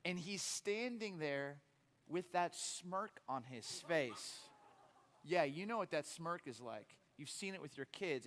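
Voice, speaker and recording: A man giving a sermon as a guest preacher, telling a funny story in an animated way with frequent stammered restarts. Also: sits high, unhurried. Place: church sanctuary. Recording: long hall reverb.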